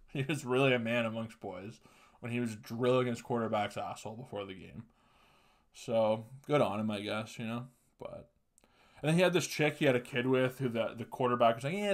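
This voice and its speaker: A man hosting a solo podcast, ranting casually and crudely with lots of swearing and laughing asides. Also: mid-range voice. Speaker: podcast host.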